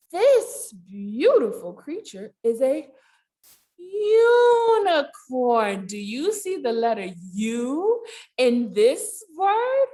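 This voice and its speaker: A woman reading a picture book aloud at a library storytime, animated and sing-song, with playful animal sound effects. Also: sits high. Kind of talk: children's storytime read-aloud. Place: public library.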